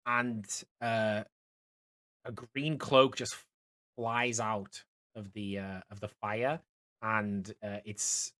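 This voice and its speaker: A man's voice: fairly low pitch, level tone, extremely slow, a bit bright. A man narrating as game master for a tabletop game, talking loosely with lots of fillers and restarts. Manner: rambling, many fillers and restarts.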